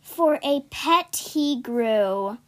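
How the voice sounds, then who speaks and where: Young woman w a high voice reading jokes on a podcast, giggles a lot, explains every punchline. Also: animated, very slow. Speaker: podcast co-host. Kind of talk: casual joke-reading podcast.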